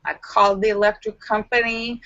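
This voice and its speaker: A woman hosting a casual live stream from home, telling stories in a rambling way with lots of fillers and restarts, and acting out her own frantic self-talk in sudden high squeals. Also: little pitch movement, a little fast, bright, forceful tone, no echo. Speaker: livestream host. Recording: dull lo-fi sound.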